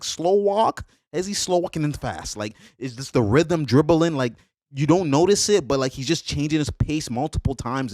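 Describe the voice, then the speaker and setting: A man reacting to basketball highlights in a hyped, slangy way, laughing often and repeating catchphrases. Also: dry recording, studio quality. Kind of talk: excited casual highlight reaction.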